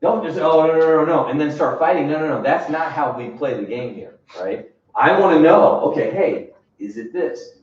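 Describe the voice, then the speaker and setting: A man's voice: fairly high pitch, expressive, normal speed. A man leading a sales training session in an emphatic coaching manner, often checking in with "right?". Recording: distant, echoey room, dull sound.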